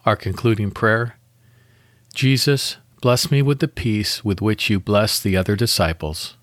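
Calm low-voiced man leading a devotional. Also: measured pace, no echo. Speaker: devotional podcast host. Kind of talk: guided devotional meditation.

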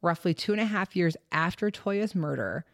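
A woman's voice: fairly low pitch, animated, normal speed, gravelly, no room sound. Chatty woman with a dry close sound. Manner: chatty, loose and swearing, with many fillers. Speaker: podcast host. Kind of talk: casual true crime podcast chat.

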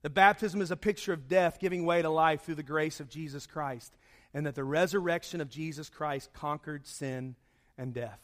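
Preaching at a moderate pace with a fairly high-pitched voice, a male pastor shares a story with his church congregation in a conversational way. Then he raises his voice to drive the point home.

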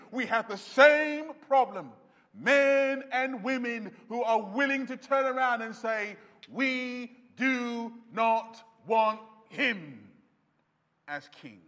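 Man preaching, very high voice, slow and deliberate, sharp tone, reverberant church hall. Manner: dramatic swings from shouts to near-whispers. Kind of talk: sermon.

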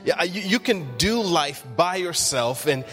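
A man's voice: fairly high pitch, animated, a little slow, a bit bright, soft background music. A man, a pastor, preaching a sermon in church and telling funny stories with acted-out quotes. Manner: humorous storytelling, acts out quotes.

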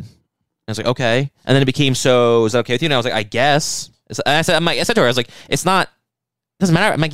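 Young guy cohosting a podcast, quick crisp voice, dry close mic. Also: a little high, no room sound. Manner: animated, swearing, acts out quotes. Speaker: podcast co-host. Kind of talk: casual podcast banter.

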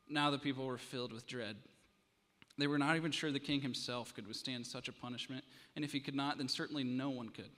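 A pastor in a church, telling a story with drama and then preaching earnestly. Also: male voice, mid-range voice, fast talker, fairly bright tone. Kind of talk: sermon. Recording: long hall reverb.

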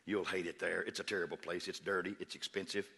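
A man's voice: sits low, steady tone, fast, gravelly, sharp tone, breathy edge, pitched below the performer's own voice, heavily acted. A preacher voicing a gloomy old male barber who grumbles and complains about everything. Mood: grumbling.

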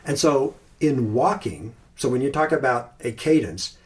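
A man hosting a podcast, talking casually and thoughtfully about Christian meditation, pausing and restarting, sometimes reciting phrases slowly. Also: medium pitch, animated, a little mellow. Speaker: podcast host.

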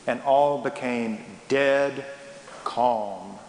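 A man's voice: on the high side, a little slow, slight background noise. A man preaching a sermon as a pastor, emphatic and dramatic, asking rhetorical questions. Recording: echoey hall with long reverb.

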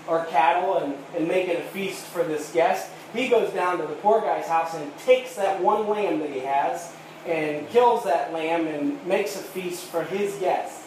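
A man preaching a sermon, reading old scripture aloud and retelling it as a plain story. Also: high-pitched. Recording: echoey room with faint ambient noise.

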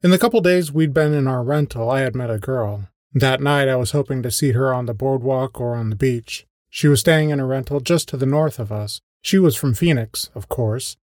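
A man's voice: mid-range voice, normal speed, hardly any pauses, darkish tone, dry recording. A man telling his own short stories as a podcast host, in a dry, wry, understated scripted delivery. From American Midwest. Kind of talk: scripted first-person storytelling.

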